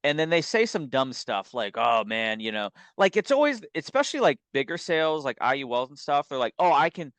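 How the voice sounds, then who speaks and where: A man's voice: fairly high pitch, fairly quick, hardly any pauses, dry recording. A man co-hosting an insurance sales podcast, talking casually and animatedly, mimicking what clients say. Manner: animated, quotes clients in put-on voices.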